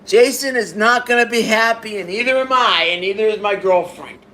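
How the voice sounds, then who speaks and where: A man giving a casual video review of a wrestling show, excitable, repeating himself and bursting into exclamations. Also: high voice, brisk, slight background noise.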